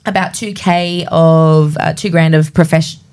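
A woman, a country singer guesting on a radio interview, bubbly and quick to laugh. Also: sits low, fairly even intonation, a little mellow.

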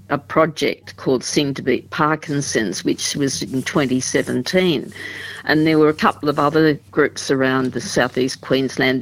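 A woman, a support group representative explaining things in a measured way during a radio interview, with frequent ums and restarts. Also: sits low, poor audio.

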